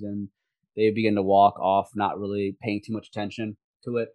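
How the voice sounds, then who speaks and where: A man's voice: on the low side, steady tone, normal speed, darkish tone, no echo. A man running a tabletop role-playing game as game master, narrating the scene and voicing the figures himself. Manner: descriptive, voices the figures himself.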